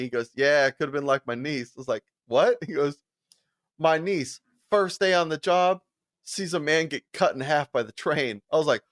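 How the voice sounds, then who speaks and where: A man's voice: no echo, clean studio sound. A man co-hosting a podcast, telling stories in casual chat, laughing often and acting out the people he quotes. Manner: animated, laughs often, acts out quotes in higher voice. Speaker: podcast co-host.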